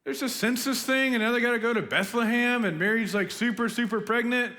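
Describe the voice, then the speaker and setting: A young youth pastor with a very high-pitched voice gives a casual, chatty sermon to students at a fairly quick pace. Animated, he peppers his talk with "like" and "right?", and a long hall reverb surrounds him.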